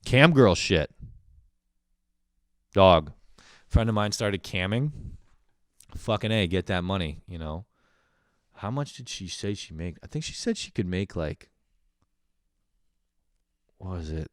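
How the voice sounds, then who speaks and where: Low-voiced man rambling profanely. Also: expressive, slow pace, pauses often, no room sound, clean studio sound. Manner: rambling, profane, laughing at his own stories. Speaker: podcast host. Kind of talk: casual comedic monologue.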